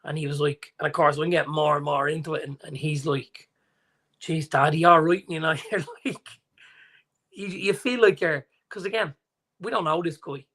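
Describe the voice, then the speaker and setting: Animated Irish man in his forties. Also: fairly high pitch, moderate pace. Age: 40s. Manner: animated storyteller, acts out quotes. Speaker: podcast co-host. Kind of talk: casual chat.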